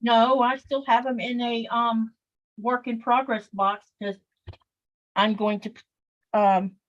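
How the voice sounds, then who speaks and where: A woman's voice: fairly high pitch, level tone, takes it slowly, no echo, lo-fi sound. A woman chatting casually on a sewing livestream as co-host, telling long rambling stories with many fillers.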